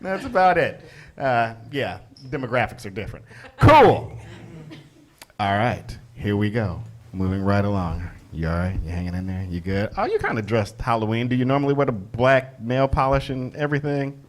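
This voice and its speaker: A man's voice: fairly low pitch, animated, brisk. A man hosting a comedy show and teasing audience members between acts. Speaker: host. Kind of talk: stand-up crowd work.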